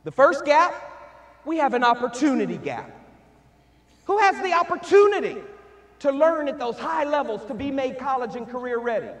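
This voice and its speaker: Man, motivational keynote speaker, very high animated voice. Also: moderate pace. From Houston, Texas. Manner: preacher-like, calls out to the crowd, swings from shouts to hushed tones. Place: large hall. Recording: echoey hall with long reverb.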